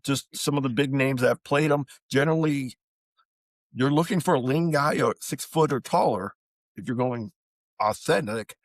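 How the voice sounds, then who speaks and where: A man's voice: medium pitch, normal speed, dry recording. A man co-hosting a podcast in casual chat, reading out facts in a matter-of-fact way. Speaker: podcast co-host.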